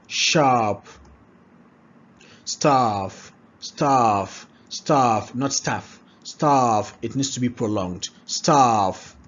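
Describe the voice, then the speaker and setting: A man's voice: mid-range voice, lo-fi sound. A man who speaks English as a second language, teaching pronunciation and repeating each word several times with checks like "all right?". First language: not English. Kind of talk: pronunciation lesson, drilling words aloud.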